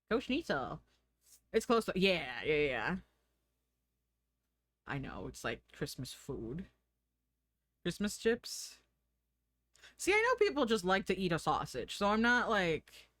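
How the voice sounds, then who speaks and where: A woman's voice: medium pitch, fairly bright tone. An American woman streaming live, chatting casually, giggling and thinking aloud.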